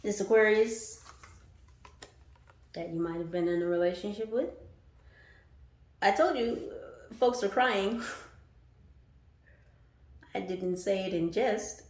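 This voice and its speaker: Slow-talking woman in an echoey room. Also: mid-range voice. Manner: playful, laughing, swearing, sings snippets. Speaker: tarot reader. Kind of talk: casual tarot reading.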